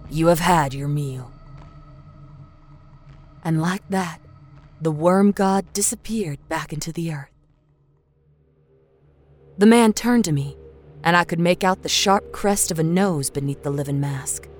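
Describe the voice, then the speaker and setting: A woman storyteller narrating a horror story in a steady, expressive reading. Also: lowish voice, a little slow, pauses often. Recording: narration over a faint music score.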